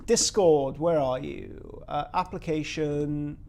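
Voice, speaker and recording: On a casual live stream, a man builds miniatures, rambling, poking fun at himself, and muttering as he works. His voice is fairly high, unhurried, and creaky, with a slight hiss or hum in the background.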